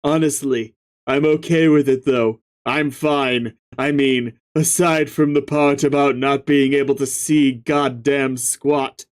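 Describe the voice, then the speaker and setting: A man voicing a blunt, gloomy young male alien troll who has just gone blind, in a low, flat, quiet voice. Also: slow pace, lightly acted. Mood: grumbling. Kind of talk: dramatic reading of a webcomic.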